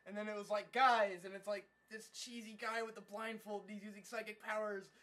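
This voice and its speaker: A young man with a high, light voice rattles through a cartoon recap with crude, profane sarcasm. He mocks every character as he goes, in a loose, rambling, casual way. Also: little pitch movement, fairly quick, a bit bright, poor audio. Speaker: anime reviewer.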